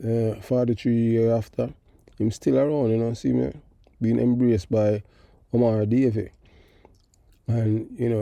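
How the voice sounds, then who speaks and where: Hosting a call-in show, a middle-aged man with a Jamaican accent offers emphatic, rambling political commentary, switching between patois and standard English. His voice is fairly low and mellow with vocal fry, and the studio-quality recording is dry.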